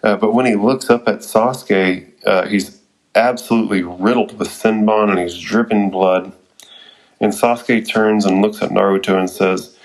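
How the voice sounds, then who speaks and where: A man casually recapping and commenting on an anime episode, swearing now and then and trailing off with fillers and excited asides. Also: on the low side, unhurried, gravelly, poor audio.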